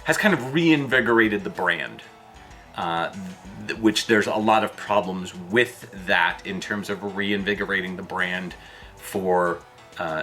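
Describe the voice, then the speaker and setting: A man hosting a gaming video, ranting loosely and in exasperation, with sudden jumps up in pitch. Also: bright, forceful tone. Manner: loose, with fillers and restarts. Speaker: video host. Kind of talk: ranting commentary vlog.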